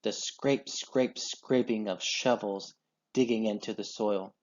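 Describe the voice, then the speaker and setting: Man reading a storybook aloud. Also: fairly low pitch. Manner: expressive, measured. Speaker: children's book reader. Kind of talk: storybook read-aloud narration. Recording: dull lo-fi sound.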